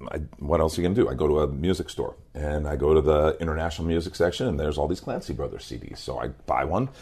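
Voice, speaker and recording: A man who is a pastor, a guest on an interview show, telling a personal story in a lively way and quoting the people in it. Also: a bass voice, fast talker. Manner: lively anecdote teller who quotes others.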